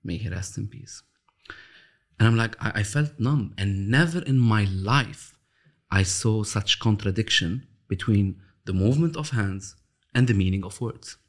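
A man with a fairly low voice talks through his ideas in an interview. He speaks thoughtfully, with frequent pauses, restarts and slowed-down emphasis. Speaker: interview guest, author of a love system. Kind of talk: reflective storytelling interview.

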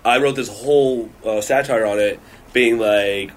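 A man's voice: medium pitch, unhurried. A man guesting on a podcast, talking casually with many fillers and restarts. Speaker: guest comedian.

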